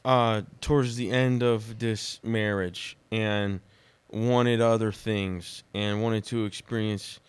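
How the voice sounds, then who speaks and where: Man, podcast guest, dramatic storyteller, low smooth voice, dry close sound. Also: steady tone, slow, dry recording. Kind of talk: casual conversation, personal storytelling.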